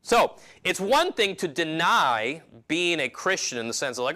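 A man's voice: on the high side, very animated, normal speed, pushed and bright. A man preaching a sermon in a casual, conversational way, often restarting his phrases and acting out quotes from the passage. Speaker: pastor.

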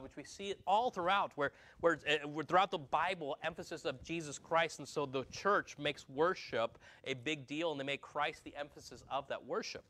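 Male pastor, casual sermon delivery, mid-pitched voice, stops to quiz the congregation. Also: a bit bright. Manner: conversational, repeats words, asks the congregation questions.

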